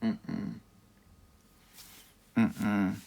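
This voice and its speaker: A man's voice: fairly low pitch, fairly even intonation, extremely slow, vocal fry, dark tone. A man with a Southern California Valley accent, a dating coach chatting casually on a livestream, sassy and campy, calling everyone girl. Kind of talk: casual livestream chat reading comments.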